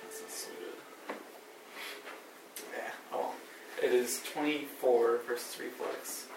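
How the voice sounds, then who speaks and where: A man's voice: mid-range voice, steady tone, slow pace, vocal fry. Man player who reads rolls aloud and makes goofy noises, recorded from a distance in a noisy room. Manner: reads out rolls, makes silly sound effects. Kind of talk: casual tabletop play. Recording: roomy table recording, mic far off, noisy.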